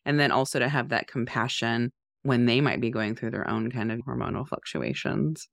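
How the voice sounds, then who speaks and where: This therapist and podcast co-host has a very deep voice with vocal fry, speaking at normal speed. Her casual talk is candid, animated, and peppered with "like," captured in a dry studio-quality recording.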